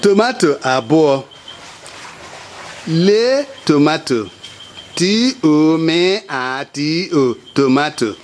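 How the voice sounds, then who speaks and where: A man with an Igbo accent teaching a slow language lesson, repeating words and spelling them out letter by letter. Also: a little high, expressive, slight background noise.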